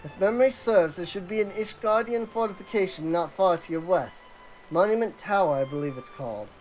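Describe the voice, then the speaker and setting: A game player voicing an older, kindly male chief engineer with measured, formal delivery, reading game dialogue aloud. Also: mid-range voice, lively intonation, a little mellow, faint music behind, lightly acted, rough recording. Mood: calm.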